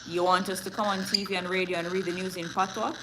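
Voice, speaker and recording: A woman's voice: mid-range voice, little pitch movement, quick pace, noisy background. A Jamaican woman reading the news and chatting with viewers, with laughing asides and a switch between patois and standard English. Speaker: news reader and live streamer.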